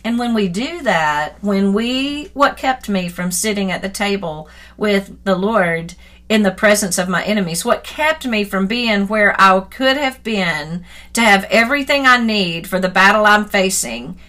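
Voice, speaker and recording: A middle-aged woman and Christian author giving an earnest personal devotional talk into her phone, reflective and at times animated. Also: medium pitch, measured pace. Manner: earnest and reflective, grows animated and laughing when retelling a story.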